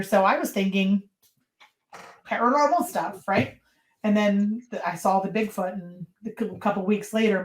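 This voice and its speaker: Woman, podcast guest, animated storytelling, acts out quotes, middle pitch, roomy echo. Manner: lively storyteller who acts out quotes and laughs often. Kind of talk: casual interview storytelling.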